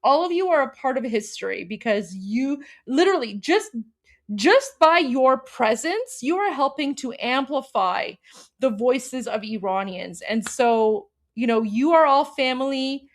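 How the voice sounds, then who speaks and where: A woman's voice: sits high, lively intonation, a little slow. A woman in her thirties hosting a livestream, talking to viewers in a rambling, hesitant way. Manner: rambling, hesitant, emotional and warm toward viewers. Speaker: livestream host. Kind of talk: casual livestream chat to viewers.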